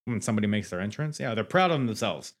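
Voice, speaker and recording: A man's voice: lowish voice, lively intonation, fast talker. Male podcast host, casual rambling recap, jokey and profane. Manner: rambling, joking and profane, with many restarts.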